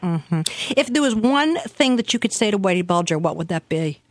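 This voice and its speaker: A woman's voice: mid-range voice, animated, moderate pace. A woman hosting a radio interview, speaking hesitantly with many "um"s and restarts. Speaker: talk show host.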